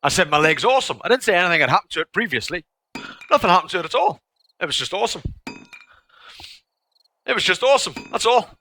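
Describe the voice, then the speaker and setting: Brief: male game streamer, goofy and rambling, bright voice on the high side, lively pitch, faint background hiss. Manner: goofy, rambling, playing with tongue twisters. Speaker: gaming streamer. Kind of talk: playful live-stream chatter.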